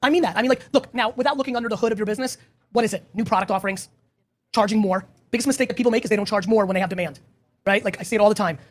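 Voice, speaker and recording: A man's voice: sits high, rapid-fire. A man hosting a live audience Q&A, answering questions in a blunt, emphatic way and swearing often. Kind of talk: live Q&A talk.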